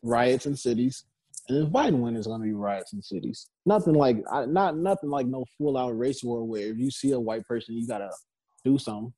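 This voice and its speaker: A man cohosting a casual podcast chat, measured and thinking aloud. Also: medium pitch, warm tone, breathy edge, rough recording.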